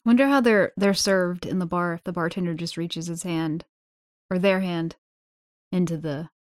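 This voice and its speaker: A woman's voice: lowish voice, moderate pace, no room sound, studio quality. A woman co-hosting a podcast, chatting playfully about a movie and giggling often. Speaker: podcast co-host. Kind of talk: casual movie discussion.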